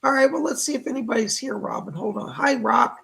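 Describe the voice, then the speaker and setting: A man hosting live psychic readings, thanking donors and relaying spirit messages in a slightly hoarse voice. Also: very high-pitched, a little fast, a bit bright, low-quality recording. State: hoarse, voice going. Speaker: psychic medium host.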